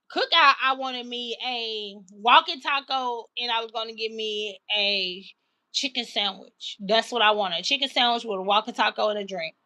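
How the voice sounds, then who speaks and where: A high, bright-voiced woman, chatting to her livestream viewers. She spins a story in a lively, exasperated way, voicing everyone involved. Her voice rings with a sharp, forward tone. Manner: animated, exasperated retelling with quoted dialogue.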